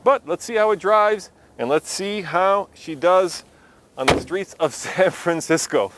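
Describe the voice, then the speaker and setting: A man's voice: high voice, a little slow, noisy background. A man hosting a casual car review from inside a car, talking in an upbeat, joking way. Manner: jokey, upbeat. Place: inside a car on city streets.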